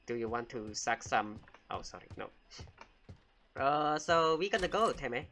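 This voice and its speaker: A man's voice: medium pitch, expressive, a little slow, bright, forceful tone, a little hiss or hum. A man hosting a let's play of a horror game, talking playfully and teasing the in-game baby as he plays. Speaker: gaming channel host.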